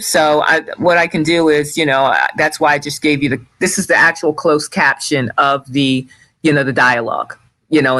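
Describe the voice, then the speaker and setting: A man hosting a casual live video chat over a call, talking in a halting, distracted way with many restarts. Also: a little high, sharp tone, low-quality recording. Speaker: show host sharing his screen.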